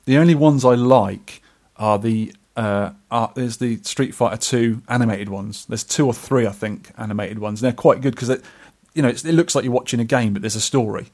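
A man's voice: mid-range voice, brisk, a little mellow. A middle-aged man co-hosting an arcade podcast, chatting casually and rambling in a self-deprecating way. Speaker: podcast co-host. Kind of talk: casual chat.

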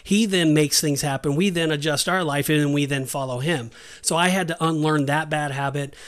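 Earnest, slightly high-voiced man. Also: fairly even intonation, normal speed, fairly bright tone. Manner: earnest storytelling, quoting dialogue. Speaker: podcast host. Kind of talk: faith testimony.

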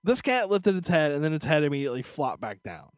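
A man co-hosting a podcast, telling stories in casual chat, animated and profane, slipping into voiced asides. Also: a little high, fast, dry recording, clean studio sound. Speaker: podcast co-host.

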